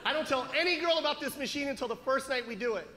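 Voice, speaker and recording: A male comedian telling a profane story in stand-up, animated, acting out the scenes. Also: very high voice, rapid-fire, noisy background.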